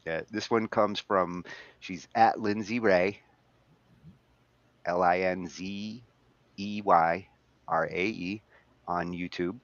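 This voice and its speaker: A man's voice: low-pitched, steady tone, slow pace, pauses often, no room sound. A male podcast host chatting casually, rambling and laughing as he goes. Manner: rambling, laughs often, restarts words. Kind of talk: casual chat. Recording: dull lo-fi dry sound.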